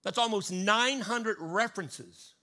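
Male pastor, higher bright voice, emphatic preaching cadence. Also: takes it slowly. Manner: preaching with rising emphatic call-and-response cadence; talks to the congregation, teaching word meanings. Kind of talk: sermon.

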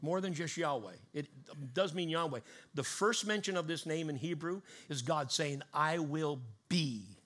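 Bright-voiced preaching man. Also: fairly high pitch, normal speed. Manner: preaching with rising emphatic call-and-response cadence; talks to the congregation, teaching word meanings. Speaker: pastor. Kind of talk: sermon.

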